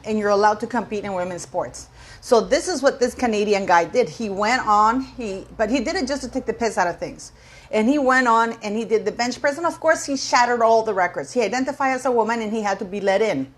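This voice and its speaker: Casting: middle-aged woman, vlog host, fired-up rambling rant, mid-range voice. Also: medium pitch. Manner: indignant, rambling, repeats words for emphasis. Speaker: commentary channel host. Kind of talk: casual opinion rant to camera.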